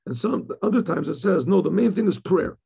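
A rabbi in his own informal teaching voice, rather high-pitched for a man, yet gravelly and husky with a mellow, dark tone. He explains texts haltingly, restarting phrases and clearing his throat as he goes. The recording sounds dull and lo-fi. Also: expressive. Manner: halting, repeats words, often clears his throat, mixes in Hebrew terms. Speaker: rabbi teaching a Torah class. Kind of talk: informal Torah lecture.

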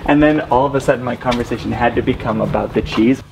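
A man's voice: medium pitch, fast, creaky. A young man in a touring band casually rambling through a funny story, chuckling at himself. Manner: rambling, amused, laughs at own story. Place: on tour, indoors. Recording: loud background noise.

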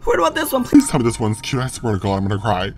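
A woman's voice: wildly swooping pitch, racing, over music. Campy young woman with a swooping voice. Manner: campy, slang-heavy, dramatic with squealing highs. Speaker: gaming YouTuber. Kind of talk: Sims gameplay commentary. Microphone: desk condenser microphone.

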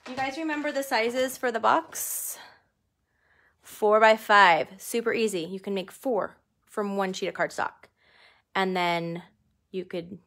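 A woman's voice: medium pitch, vocal fry, a bit bright. A woman leading a live stamping craft tutorial from her home craft room. She talks in a chatty way, jokes about herself and laughs often. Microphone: desk camera under studio lights.

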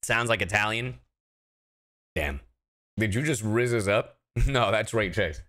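A man who is a voice actor chatting casually with his livestream chat, animated and talkative, laughing often. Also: on the low side, unhurried. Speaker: voice actor streaming a reaction.

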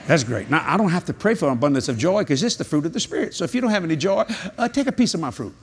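An older man preaching a humorous sermon at a convention, telling jokey stories and breaking into sudden high-pitched exclamations. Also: slight background noise. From New Orleans, Louisiana. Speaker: evangelist. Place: large convention hall.

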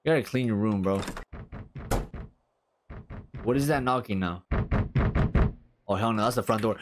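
Profane man yelling through a horror game. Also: mid-range voice, measured pace, gravelly, pauses often, music in the background. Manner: profane, loud outbursts, talks to game characters. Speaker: gaming streamer. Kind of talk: let's-play commentary.

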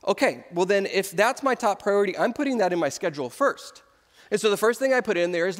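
A man's voice: sits high, lively intonation, fast. A man in his thirties preaching a sermon as pastor, telling everyday stories with humor. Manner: storytelling with humor. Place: large church sanctuary. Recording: long hall reverb.

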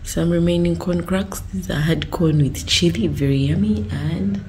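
A young woman from Uganda talking casually to her phone camera in a vlog, chatty and often sliding into soft half-whispered asides. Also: fairly low pitch, moderate pace, a little hiss or hum, rough recording. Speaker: vlogger.

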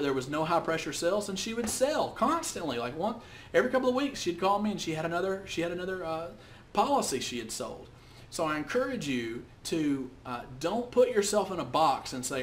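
An outgoing, chatty man hosting a business tip video and speaking in a slightly high voice. He repeats and restarts words as he talks straight to the camera. A faint low rumble runs under the recording. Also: expressive, fairly quick, a bit bright. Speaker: host of business tips videos. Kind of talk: casual to-camera tip talk.

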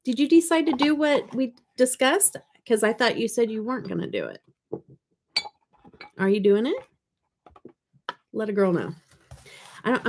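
A woman's voice: on the high side, slight background noise. A middle-aged woman hosting a live stream in giggly casual chat. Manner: giggly, chatty.

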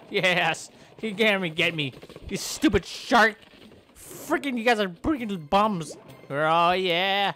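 A man giving loud, goofy commentary while he plays a video game, taunting and yelling at in-game animals. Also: a little high, slight background noise. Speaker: gameplay commentator.

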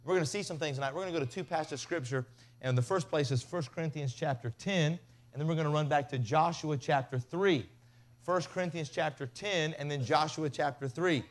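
Animated preacher man. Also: fairly high pitch, brisk. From Tennessee. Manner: animated storytelling, swings from loud to hushed. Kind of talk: revival sermon. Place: revival tent.

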